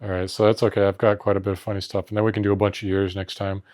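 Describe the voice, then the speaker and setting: A man's voice: fairly low pitch, level tone, racing, a little mellow. A man co-hosting a casual podcast chat, rambling and laughing easily, often losing his train of thought. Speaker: podcast co-host.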